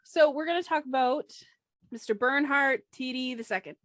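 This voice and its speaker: A woman's voice: high-pitched, normal speed, a bit bright, no room sound, clean studio sound. Wry, casually swearing woman host. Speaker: podcast host. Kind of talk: casual banter podcast.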